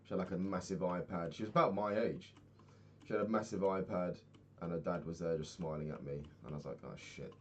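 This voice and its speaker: A man's voice: sits low, a little hiss or hum. A young man chatting casually in a video diary while playing a game, rambling, swearing freely and laughing often. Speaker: vlogger.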